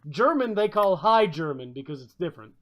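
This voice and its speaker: A man's voice: sits high, big pitch swings, a little fast. Joking American man hosting a stream. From United States. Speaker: stream host. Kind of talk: casual chat.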